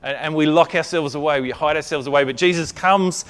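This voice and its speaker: A man's voice: a little high, brisk, a bit bright, smooth. A man preaching a conversational sermon, often checking in with his listeners and repeating words as he builds a point.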